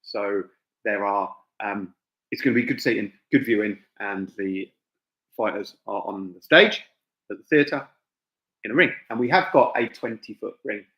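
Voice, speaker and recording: Speaking at a normal speed in a lowish voice, this fight promoter and gym owner from England chats loosely with his live-stream audience. He's middle-aged and full of fillers and side remarks, captured in a dull, echoing room.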